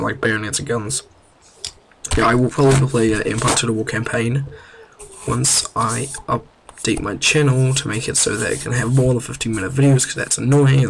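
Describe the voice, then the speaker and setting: A man's voice: medium pitch, creaky. A young man with a New Zealand accent, rambling casually and mocking himself over a strategy game. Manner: rambling, self-mocking, chatty. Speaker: gameplay commentator. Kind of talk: casual gameplay commentary.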